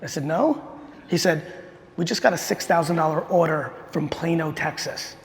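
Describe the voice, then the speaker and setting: A middle-aged man giving a keynote talk, telling a story in a fast, punchy, profane way. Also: a little high. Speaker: keynote speaker. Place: large conference hall. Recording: long hall reverb from a stage.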